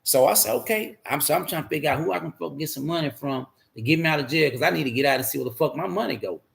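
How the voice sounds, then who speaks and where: A man's voice: on the high side, expressive, racing, gravelly, a bit bright. A man candidly telling his life story in a rambling, profane way, repeating himself as he goes.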